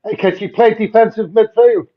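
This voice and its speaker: A man joking loudly in banter as a guest on a fan show. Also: high voice, fairly even intonation, normal speed. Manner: jokey, loud banter. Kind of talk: casual chat. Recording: dull lo-fi stream audio.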